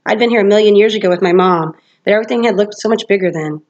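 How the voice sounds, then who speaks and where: Teacher lady reading a chapter out loud, steady pace, fixes her slips, bit muffled lo-fi audio. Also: medium pitch, rapid-fire. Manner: steady reading, with occasional self-corrections. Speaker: teacher reading aloud to a class. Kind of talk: storybook read-aloud narration.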